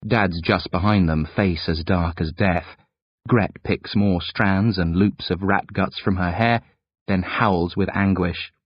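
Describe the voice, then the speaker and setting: A man narrating an audiobook in the first person with a highly expressive, swooping delivery. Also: takes it slowly, slightly rough, no room sound, lo-fi sound.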